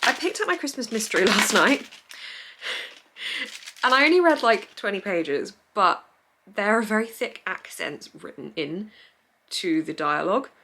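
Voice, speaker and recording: A woman's voice: mid-range voice, lively intonation, unhurried, pauses often, pushed and bright, a little hiss or hum. A young woman chatting casually on her reading vlog, rambling, giggly and easily sidetracked. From England. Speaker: book vlogger.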